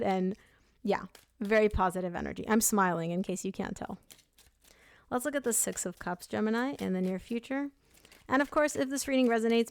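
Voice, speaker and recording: A woman's voice: mid-range voice, dry recording. Upbeat woman tarot reader, dry sound. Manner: upbeat, chatty, speaks to viewer directly. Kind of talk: tarot reading monologue.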